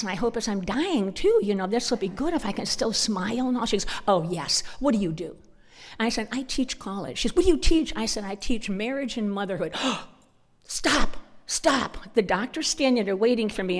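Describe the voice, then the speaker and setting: A woman's voice: medium pitch, fairly quick. A middle-aged woman speaking at a church conference, telling humorous stories and acting out the voices in her dialogue. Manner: animated storyteller acting out dialogue. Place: church hall. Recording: long hall reverb.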